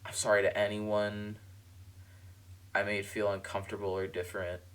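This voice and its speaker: A man streamer giving a tearful, halting farewell monologue, apologizing and repeating himself. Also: lowish voice, level tone, smooth.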